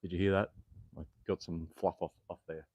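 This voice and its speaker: Rambling Australian man, low voice. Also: level tone, a little fast, darkish tone, slight background noise. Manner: rambling, filler-heavy, mild swearing. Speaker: fitness livestreamer. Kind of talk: casual live-stream chat while exercising. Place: at home, indoors. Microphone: clip-on mic that falls off at times.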